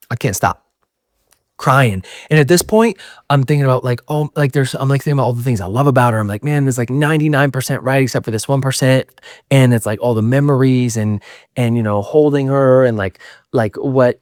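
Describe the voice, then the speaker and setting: A young man tells a personal story fast and candidly, tumbling through fillers and quoting his own thoughts. His voice sits at an ordinary middle pitch. The sound is dry and close, with no room around it. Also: no room sound. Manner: rambling, candid, full of fillers and self-quotes. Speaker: podcast host telling a story. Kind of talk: casual storytelling.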